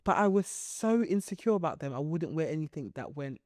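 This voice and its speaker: A young woman co-hosting a podcast in casual chat, playfully teasing and dropping low for asides. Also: expressive, a little fast, darkish tone, no room sound, studio quality. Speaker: podcast co-host.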